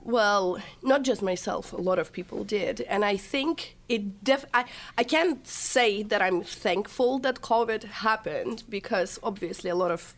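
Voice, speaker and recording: A woman's voice: medium pitch, measured pace, hardly any pauses. A young woman from Russia chats in a casual interview, spinning stories and acting out what people said to her. She laughs often as she talks. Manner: chatty storyteller, laughs often, acts out quotes. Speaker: guest, TikTok comedian.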